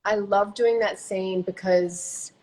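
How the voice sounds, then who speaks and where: A woman's voice: mid-range voice, steady tone, takes it slowly, a little mellow, rough recording. A young woman in casual chat on a phone livestream, chatty and swearing casually, often restarting her sentences. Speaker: actor in a live chat.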